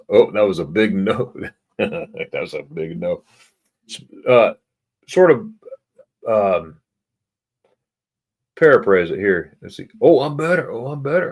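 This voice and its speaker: Low-voiced guy hosting a livestream, reads chat out loud, stumbles and repeats words a lot. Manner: halting, repeats words, chuckles often. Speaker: livestream host. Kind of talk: casual livestream chat reading comments.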